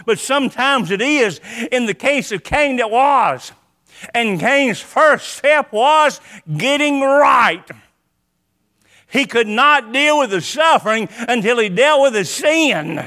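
Male preacher, very high voice, bright and forceful tone, emphatic repeated lines, church sermon. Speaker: pastor.

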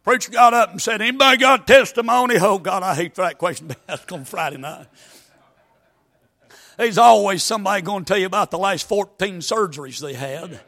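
A man preaching a fiery sermon, with a weak, worn voice, swinging from folksy asides into chanted, shouted climaxes. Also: sits high, lively intonation, moderate pace, creaky.

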